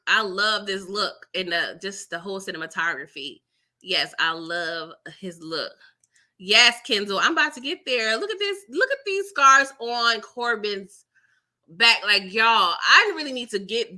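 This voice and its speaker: A woman's voice: medium pitch, pushed and bright. A woman hosting a casual live recap of a TV episode, chatty and full of slang, laughing often as she talks. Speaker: TV recap host.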